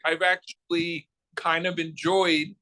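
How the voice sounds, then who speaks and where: A man's voice: fairly high pitch, little pitch movement, slow, bright, forceful tone, poor audio. A man co-hosting a podcast in casual chat, teasing and stumbling over restarts. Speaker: podcast co-host.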